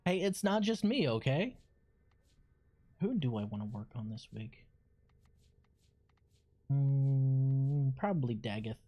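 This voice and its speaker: A man's voice: medium pitch, animated, slow, long pauses. A young man streaming a game, rambling casually and swearing now and then. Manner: rambling, swears, loud squeals. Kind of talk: casual gaming commentary.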